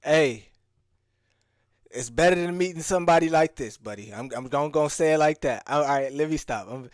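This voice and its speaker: A man's voice: on the high side, brisk, no room sound, studio quality. A man giving loose, slang-heavy reaction commentary on a livestream, talking straight to his viewers and restarting his sentences often. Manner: addresses the audience directly. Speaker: streamer reacting to a video.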